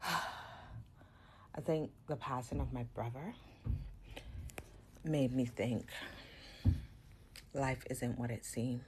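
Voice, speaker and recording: A woman's voice: rumbling low, extremely slow, pauses often, background noise. A woman in her thirties telling a candid, reflective personal story in a casual vlog at home. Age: 30s. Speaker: vlogger.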